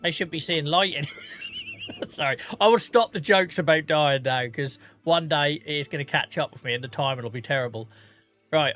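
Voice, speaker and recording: A man in his forties, live streaming a farming game and chatting casually with his chat, joking, laughing often and greeting viewers by name on a boom-arm mic. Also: a bit bright. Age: 40s. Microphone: boom-arm microphone.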